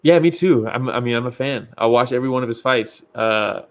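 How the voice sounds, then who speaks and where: A man's voice: mid-range voice, fairly quick. Male podcast co-host, casual fight talk, swears and laughs freely. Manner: loose, profane, laughs often.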